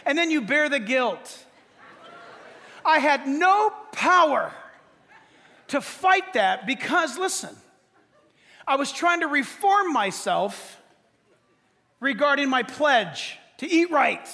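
A pastor preaching a sermon in an animated, storytelling way, speaking straight to his congregation. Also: extremely high pitch, slow pace, creaky, pauses often, long reverb tail.

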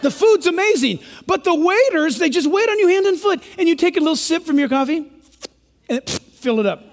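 A male pastor preaching a lively sermon, joking and acting out quotes for his congregation. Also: very high voice, brisk, in a large hall. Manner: animated, joking, acts out quotes. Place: large church.

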